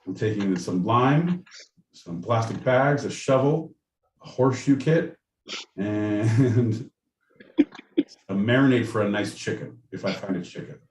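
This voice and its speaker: A man's voice: fairly low pitch, animated, measured pace, long pauses, distant mic. A man co-hosting a podcast in casual chat, rambling, jokey and profane. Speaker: podcast co-host. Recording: roomy sound, off-mic, faint noise.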